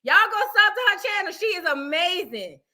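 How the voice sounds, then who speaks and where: A woman vlogger telling a story in a casual, animated, profane and dramatic way, swinging between shouting and hushed tones. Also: extremely high pitch, normal speed.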